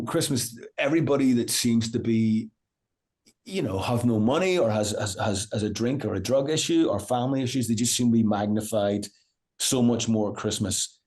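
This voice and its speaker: A male rock musician chats through a relaxed interview, spinning long anecdotes. He keeps restarting his sentences and dropping in "you know", and he acts out what other people said as he goes. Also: mid-range voice. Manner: animated anecdote-teller, acts out quoted voices, many restarts and "you know". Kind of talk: casual interview storytelling.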